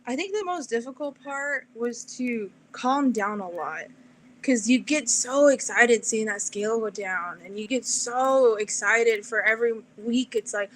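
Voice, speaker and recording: A woman's voice: on the high side, unhurried, slight background noise. A woman as an interview guest, chatting casually and acting out the people in her stories. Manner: animated storyteller, acts out quotes. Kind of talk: casual chat.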